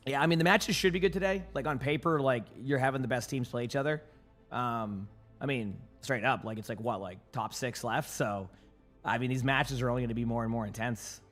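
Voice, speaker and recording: A young man, slightly hoarse from a stretch of commentating, chats loosely with viewers over a streaming mic at his desk. His voice sits at an ordinary middle pitch, and he answers chat questions in a relaxed, rambling way. Faint music plays underneath. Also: brisk. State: yawning, sleepy.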